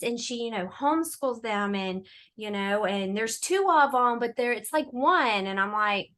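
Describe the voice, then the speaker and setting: A woman with a somewhat high, very bright voice tells a story as a podcast guest. She is animated and sarcastic and laughs freely. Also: unhurried. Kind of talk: casual storytelling chat.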